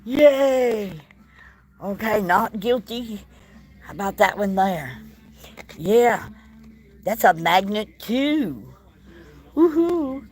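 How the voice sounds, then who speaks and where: A woman's voice: mid-range voice, very animated, extremely slow, pauses often, a little mellow. A woman, filming a casual vlog walk-through of an indoor shop on a handheld phone, exclaiming and gushing over what she sees. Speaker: vlogger.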